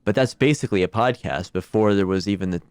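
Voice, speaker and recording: Smooth low-voiced male podcast host. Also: quick pace, no room sound, clean studio sound. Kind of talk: casual conversation.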